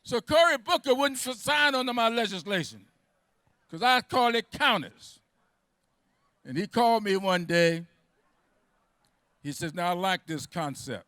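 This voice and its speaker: Older male congressman, unhurried folksy introduction, bright higher voice. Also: no room sound. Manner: slow, folksy and deliberate. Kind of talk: speech introduction.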